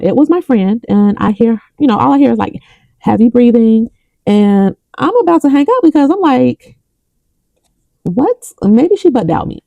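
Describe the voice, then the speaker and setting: A woman's voice: mid-range voice, vocal fry, mellow, dry recording, muffled recording. A young adult woman vlogging about her budget, counting bills aloud and telling a story between counts. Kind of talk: casual chat while counting cash.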